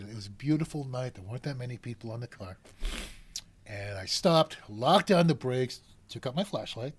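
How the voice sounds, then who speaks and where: A man's voice: mid-range voice, normal speed. A middle-aged man, a cable car gripman, telling stories as an interview guest and acting out the voices of people in them. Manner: animated storyteller acting out voices. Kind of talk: storytelling in a podcast interview.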